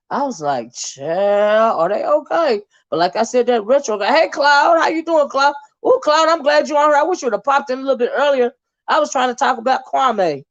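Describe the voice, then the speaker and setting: Chatty gossiping woman, lo-fi audio. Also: mid-range voice. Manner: chatty, drawling, calls viewers child and honey. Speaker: livestream host. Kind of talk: casual gossip commentary livestream.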